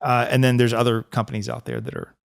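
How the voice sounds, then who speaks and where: This financial advisor hosts a laid-back podcast, speaking in a medium-pitched, gravelly voice. He talks fast and conversationally, laughing a lot and frequently starting his sentences over.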